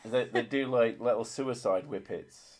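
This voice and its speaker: A man's voice: mid-range voice, measured pace, a little mellow. Joking, swearing male gaming host. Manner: joking, swearing freely, laughing often. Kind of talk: casual gaming chat.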